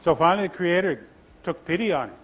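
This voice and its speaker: A Nez Perce man from the US Pacific Northwest telling creation legends in a relaxed, conversational way at a stage microphone. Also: high voice, fast talker, muffled recording. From Nez Perce homeland, US Pacific Northwest. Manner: relaxed, conversational, asides to listeners. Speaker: tribal storyteller. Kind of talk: oral storytelling.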